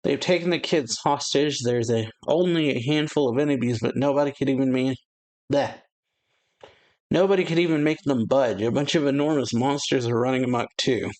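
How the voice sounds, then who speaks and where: A man reading aloud as a small male reindeer doctor, raising his pitch a little. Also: moderate pace, darkish tone, close to an everyday voice. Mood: urgent.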